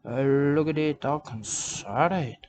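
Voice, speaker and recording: A man's voice: a little high, unhurried, darkish tone, a little hiss or hum. A man, rambling through a comic monologue and repeating his catchphrases over and over. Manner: repetitive, rambling, drops catchphrases. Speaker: comic host.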